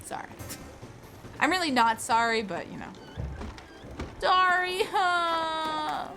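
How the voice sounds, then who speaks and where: A woman streaming a video game live, chatting casually, getting easily distracted and slipping into high baby talk with her cat. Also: expressive, takes it slowly. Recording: with game music behind.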